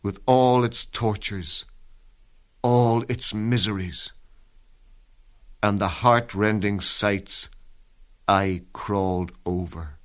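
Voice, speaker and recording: A man giving a dramatic first-person reading of a soldier's war memoir, grave and intense, sinking to a hush at the darkest moments. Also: lowish voice, slow pace, long pauses.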